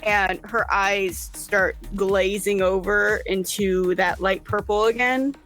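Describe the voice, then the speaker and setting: A woman narrating a tabletop game as game master, in a measured storytelling manner. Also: medium pitch, steady tone, a bit bright, soft background music, rough recording.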